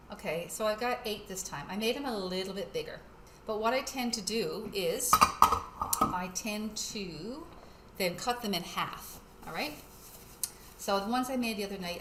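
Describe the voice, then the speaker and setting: A woman's voice: medium pitch, reverberant, background noise. A middle-aged woman hosting a casual cooking demo at home, chatty and laughing often as she talks to her husband behind the camera. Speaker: wellness channel host. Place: home kitchen.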